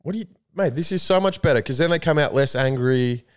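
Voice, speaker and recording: Talking fast in a slightly high voice, a young Australian man co-hosts a podcast. His casual chat wanders from story to story, full of swearing and laughter.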